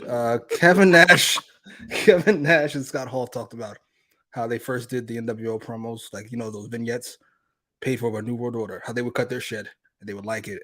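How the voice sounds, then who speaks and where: A man co-hosting a wrestling review podcast, talking bluntly with lots of swearing and laughing asides. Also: mid-range voice. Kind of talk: casual podcast review chat.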